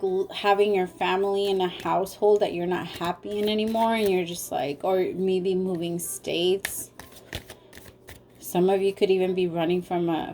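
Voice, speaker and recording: Woman tarot reader, mellow warm tone, emotional and direct with viewers. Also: fairly low pitch, slight background noise. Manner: emotional, talks straight to viewers. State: tearful. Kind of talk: casual spoken tarot reading.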